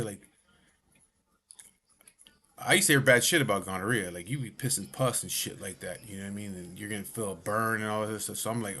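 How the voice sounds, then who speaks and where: A man's voice: on the low side, brisk, pushed and bright. A man telling a personal story in a casual, profane way, full of swearing and filler asides.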